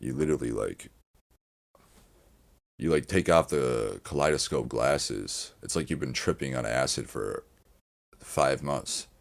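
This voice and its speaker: A man's voice: a bass voice, unhurried, gravelly, long pauses. A man hosting a podcast, talking in a meandering casual monologue full of restarts and swearing. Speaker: podcast host.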